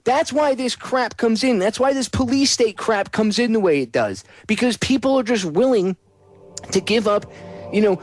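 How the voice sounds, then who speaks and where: A man's voice: high voice, animated, moderate pace, faint music behind. A man hosting a talk radio show, ranting sarcastically in a monologue.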